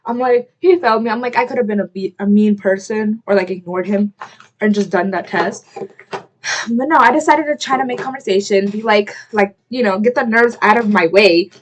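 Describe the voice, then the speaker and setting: A young woman vlogger tells a story while getting ready at home, with slight background noise behind her medium-pitched voice. She rambles, says "like" constantly, cuts herself off, apologizes quickly, and makes chatty asides to the camera.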